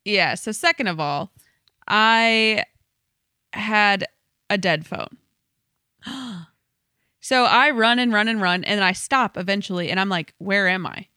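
A bright-voiced woman tells a wild night-out story on a podcast, acting out every line with lots of "like". The sound is dry and close. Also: medium pitch, animated, takes it slowly, pauses often, smooth, no room sound. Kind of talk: casual storytelling chat.

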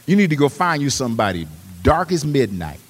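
A man preaching a sermon. He swings between hushed, quick storytelling and loud, rising exhortation. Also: medium pitch, sing-song, big-room sound. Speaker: pastor. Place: church.

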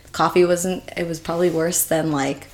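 A woman co-hosting a podcast, telling stories in casual chat, animated and full of "like". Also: fairly low pitch, a little fast. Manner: animated storyteller, says "like" a lot. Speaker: podcast co-host.

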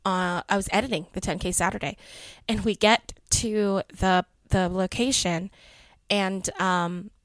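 A woman's voice: mid-range voice, steady tone, a little slow, no room sound. Chatty woman podcast host, dry close sound. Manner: chatty storytelling, laughs often. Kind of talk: casual chat.

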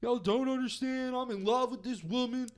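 A man putting on the high, pleading voice of a lovesick, apologetic male Southern wrestling manager. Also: moderate pace.

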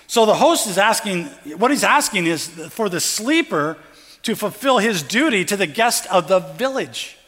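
High-voiced preacher guy, chatty sermon, plays out the story characters, big echoey church. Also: lively intonation, normal speed, fairly bright tone. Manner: conversational, acting out the parable's characters in quotes. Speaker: pastor. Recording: long hall reverb.

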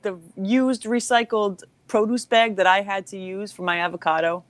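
A woman's voice: medium pitch, normal speed, no room sound. A woman with a mid-range voice chatting casually on a podcast, giggling, rambling and wandering off topic as she tells her stories. She is heard on a close, dry studio mic. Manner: giggly, rambling, animated storytelling. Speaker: comedian guest.

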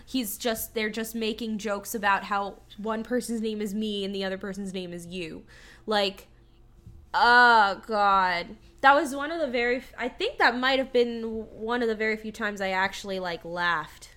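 A young woman co-hosting a casual podcast, retelling movie scenes in an animated way, with swearing and exclaimed questions. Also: medium pitch, normal speed. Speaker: podcast co-host. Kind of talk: casual movie review chat.

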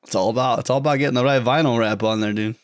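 A man co-hosting a casual gaming talk stream, talking in an excitable, rambling way and laughing often. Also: mid-range voice, rapid-fire. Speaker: co-host of a gaming stream show. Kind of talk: casual chat.

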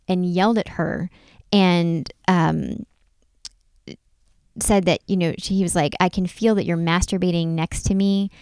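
Brief: female podcast co-host, lowish smooth voice, casual chatty delivery, dry close mic. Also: darkish tone, dry recording. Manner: chatty, lots of "like" and "um" fillers. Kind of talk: casual chat.

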